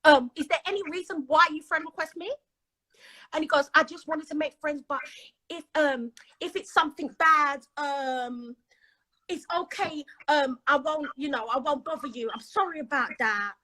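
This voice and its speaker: A woman's voice: high-pitched, normal speed, bright, forceful tone, low-quality recording. A British woman telling a personal story in casual chat, acting out the dialogue as she goes. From Britain. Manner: chatty, dramatic, acts out quoted dialogue. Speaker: guest.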